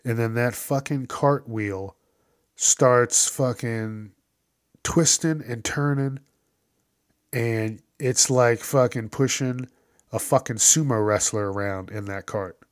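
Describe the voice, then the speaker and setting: A man's voice: medium pitch, takes it slowly, dry recording. Casting: man, podcast host, profane ranting delivery, dry close recording. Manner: profane, ranting, acts out quoted exchanges. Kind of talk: casual solo rant.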